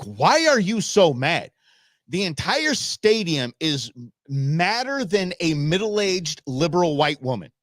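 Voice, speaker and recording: Man, middle-aged, from the Los Angeles area, live show host, opinionated rant, lively pitch swings. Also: dry recording, studio quality. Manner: opinionated, ranting, talks back to chat. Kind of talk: casual live-stream chat.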